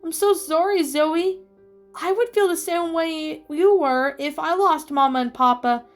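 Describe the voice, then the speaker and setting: A woman voicing a kind little girl bear cub, asking gentle caring questions in a read-aloud story. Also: sits high, unhurried, soft background music, pitched above the performer's own voice.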